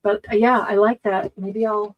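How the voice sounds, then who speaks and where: A woman's voice: medium pitch, little pitch movement, normal speed, muffled recording. A woman hosting a casual live-stream craft sale, chatting as she shows items and counts stock.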